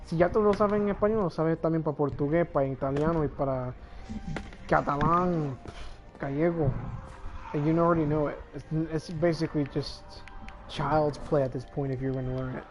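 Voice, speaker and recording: A man's voice: on the high side, fairly quick, soft background music. A man hosting a casual gaming chat, rambling and sliding into Spanish and Portuguese phrases. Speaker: channel host.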